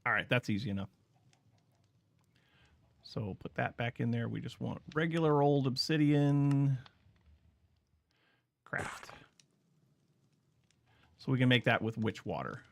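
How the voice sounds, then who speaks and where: Guy game streamer thinking out loud, bit of vocal fry, talks to chat a lot. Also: medium pitch, lively intonation, a little slow, long pauses. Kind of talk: casual gameplay commentary.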